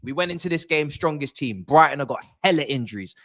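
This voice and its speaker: A man's voice: on the high side, expressive, fast, fairly bright tone. Frustrated man venting. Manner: frustrated, venting about his club. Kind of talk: football panel discussion.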